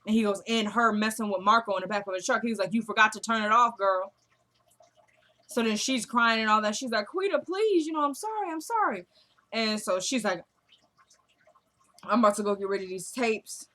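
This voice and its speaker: A young woman casually recapping a TV episode, retelling scenes as quick quoted dialogue. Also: mid-range voice, steady tone, bright, forceful tone.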